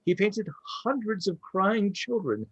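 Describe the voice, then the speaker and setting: A man's voice: sits high, very animated, unhurried, breathy edge, lo-fi sound. A man hosting a comedy podcast, reading a prepared story with wry asides. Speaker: podcast host.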